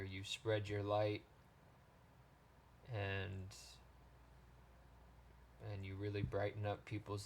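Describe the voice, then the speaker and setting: A man giving a pick-a-card tarot reading, talking in a gentle, halting way with many restarts. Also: fairly low pitch, slight background noise. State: choked up, near tears. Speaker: tarot reader.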